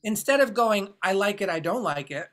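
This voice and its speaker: A woman's voice: mid-range voice, lively intonation, moderate pace. A woman in a reflective casual conversation, speaking thoughtfully and searching for her words.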